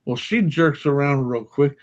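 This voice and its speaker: A man's voice: fairly high pitch, moderate pace. Older man telling a story, lo-fi sound. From Kentucky, USA. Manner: animated storyteller, laughs often, acts out quotes. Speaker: podcast guest, paranormal investigator. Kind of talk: storytelling anecdote in casual chat.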